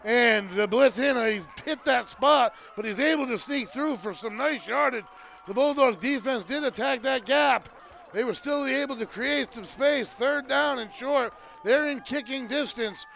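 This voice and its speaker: A man calling a high school football game live as play-by-play announcer, often shouting with excitement over the plays. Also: measured pace, vocal fry, slight background noise. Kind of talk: live sports commentary.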